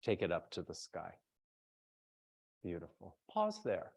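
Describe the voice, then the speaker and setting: A man who is a yoga teacher, explaining hamstring anatomy to a class and then slowly guiding them through a strap stretch. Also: sits low, huge pitch swings, creaky, husky. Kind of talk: yoga workshop instruction.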